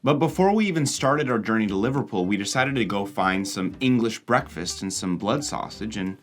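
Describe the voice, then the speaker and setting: A young American man hosting and narrating, explaining things with examples in an animated voice-over. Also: fairly low pitch, fairly quick. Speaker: host and narrator.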